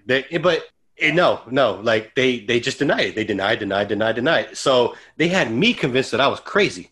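A man co-hosting a podcast, telling a personal story in casual chat and acting out the lines of the people in it. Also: lowish voice. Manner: animated storyteller who acts out quoted dialogue. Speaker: podcast co-host.

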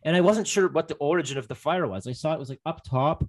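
A man's voice: a little high, quick pace. A young man in casual chat, telling a long story with lots of fillers and restarts. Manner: rambling, many fillers and restarts.

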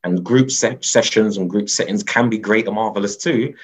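Low husky man, lo-fi sound. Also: normal speed. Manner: rambling, many "you know" fillers, laughs often. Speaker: guest, mushroom educator. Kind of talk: casual conversational interview. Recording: dull lo-fi sound.

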